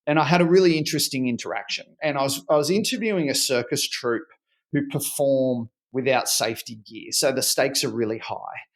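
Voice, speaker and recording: A middle-aged man, a podcast guest explaining his research in an animated, storytelling way. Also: medium pitch, fairly quick. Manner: animated storyteller who acts out dialogue. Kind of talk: conversational podcast interview.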